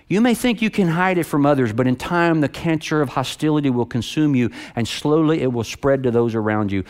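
Dramatic, resonant-voiced male preacher. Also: smooth. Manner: dramatic swings from high loud emphasis to low hushed delivery. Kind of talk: sermon.

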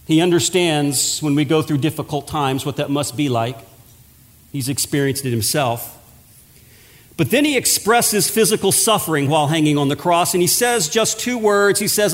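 High-voiced preaching man in a reverberant hall. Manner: preaching with dramatic pauses and drawn-out words. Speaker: pastor. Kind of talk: sermon.

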